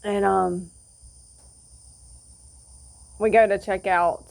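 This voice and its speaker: A woman's mid-range voice, steady, gravelly and a little mellow, draws out her words. She's outdoors at a campsite sharing a casual testimony, wandering through her story with frequent fillers and false starts.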